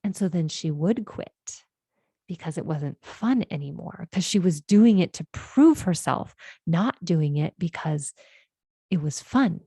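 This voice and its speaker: A woman's voice: lowish voice, lively intonation, a little slow, mellow, husky, dry recording, clean studio sound. A woman life coach hosting a podcast, explaining ideas in an earnest, conversational monologue and often checking in with "right?".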